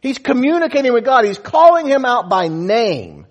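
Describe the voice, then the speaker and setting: A man preaching a conversational sermon, animated, slipping into playful asides. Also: extremely high pitch, normal speed. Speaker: pastor.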